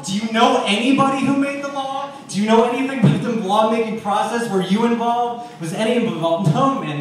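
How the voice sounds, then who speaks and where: A man doing a stand-up set at a bar, rambling and swearing, with self-deprecating asides. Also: sits high. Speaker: stand-up comic. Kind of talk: stand-up set at an open mic. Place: bar stage before a live audience. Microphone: handheld stage microphone, caught by a distant camera. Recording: echoey bar room from far off.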